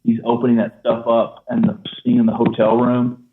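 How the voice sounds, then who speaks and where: A man co-hosting a casual film discussion podcast, animated and laughing often. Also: mid-range voice, moderate pace, roomy sound, a little hiss or hum. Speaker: podcast co-host. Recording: tinny phone-like line.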